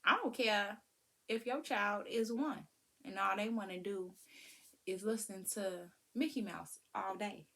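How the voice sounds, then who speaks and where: A woman giving casual, animated parenting advice, breaking into sing-song sounds. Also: medium pitch, unhurried, creaky. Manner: animated, preachy, sings and vocalizes to demonstrate. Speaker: parenting vlogger.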